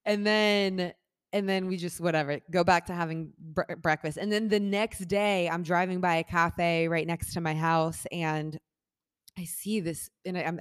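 Animated woman telling a story. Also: lowish voice. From Los Angeles area resident. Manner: animated, acts out quoted dialogue, laughs through story. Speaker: podcast host. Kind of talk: casual storytelling chat.

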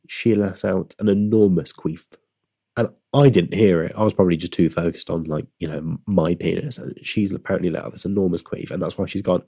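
A man's voice: low-pitched, vocal fry, dark tone, slightly rough, dry recording, clean studio sound. A young man telling a casual story in a rambling, self-deprecating way, often restarting his sentences.

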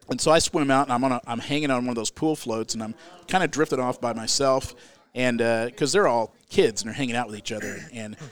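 An older man telling a long comic story in casual chat, animated, restarting his sentences and getting loud at the punchlines. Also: medium pitch.

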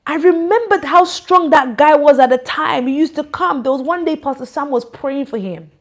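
A woman giving an informal church address, animated, teasing and scolding. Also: high-pitched, normal speed. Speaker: church leader.

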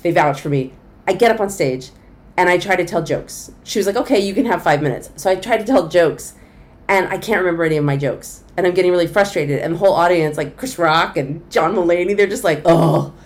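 A middle-aged woman comedian telling a long story in a conversational interview, animated and acting out the voices of the people she quotes. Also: lowish voice, a little fast.

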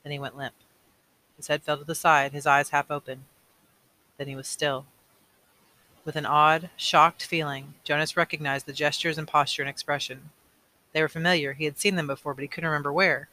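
Bright-voiced man reading a novel aloud. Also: on the high side, level tone, normal speed. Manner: plain reading with small slips and self-corrections. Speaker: audiobook reader.

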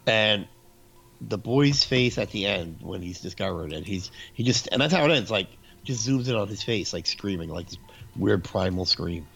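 Speaking at a normal pace with a fairly low, gravelly, husky voice, a man spins lively stories in casual conversation and acts out people's quotes. Soft music plays behind him on a dull lo-fi recording.

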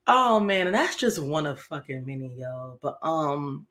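A woman's voice: sits low, very animated, slow pace, pauses often, a bit bright. A woman in her thirties hosting a podcast, telling a personal story in a candid, profane, slang-heavy way with lots of fillers. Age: 30s. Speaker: podcast host.

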